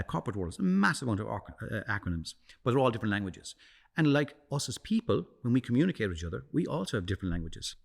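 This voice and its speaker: A fairly low, fry-tinged voice belongs to a middle-aged man, a communications coach, being casually interviewed. He stays animated, doing voices for quotes, while restarting sentences and repeating words.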